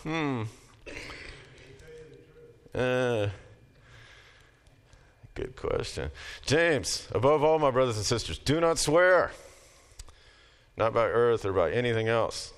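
A man's voice: medium pitch, slow, long pauses, smooth. A middle-aged man giving a casual lecture, moving between plain talk and emphatic readings of scripture. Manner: conversational, reads passages aloud with rising emphasis.

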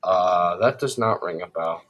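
A man's voice: sits low, unhurried, a bit bright, highs cut off. Chill guy talking football picks, laughs a lot, kinda all over the place. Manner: loose, easily surprised, laughs often. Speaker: co-host of a football preview. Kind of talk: casual sports chat.

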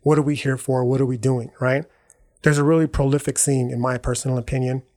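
Talking fast in a dark, medium-pitched voice with little pitch movement, a man hosts a podcast. He rambles profanely in slang, corrects himself as he goes, and keeps saying "right?" and "dog."

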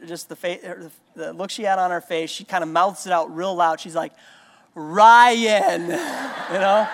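A man with a notably high speaking voice delivers a sermon, talking through personal stories in a loose, conversational way and often restarting his sentences. His words carry the long reverb of a large church sanctuary. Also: a bit bright. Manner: conversational storytelling, frequent restarts. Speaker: pastor.

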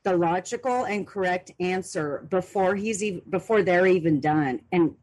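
A woman who moderates a stream's chat, talking in an animated, excitable way and laughing often. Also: fairly low pitch, moderate pace. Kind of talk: casual chat.

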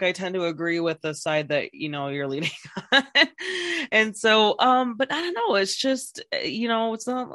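A woman's voice: deep voice, fairly bright tone, dry recording, clean studio sound. A woman hosting a podcast interview, talking in a rambling, casual way with many fillers and restarts. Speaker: podcast host.

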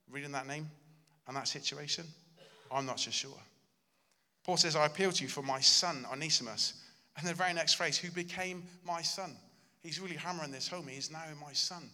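Male pastor preaching, sharp bright voice, earnest and emphatic, echoing hall. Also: on the high side. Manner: earnest, emphatic preaching that acts out quoted lines. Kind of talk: sermon.

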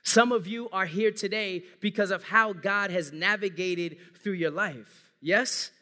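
A man's voice: high-pitched, a little slow, bright, forceful tone. A man preaching an earnest sermon as pastor, speaking to his congregation as family. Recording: long hall reverb.

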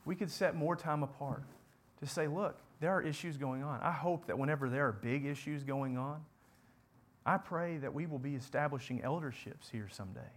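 Impassioned male preacher, higher voice. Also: moderate pace. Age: adult parent. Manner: rising to impassioned repeated questions, dropping to quiet earnest prayer. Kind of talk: sermon.

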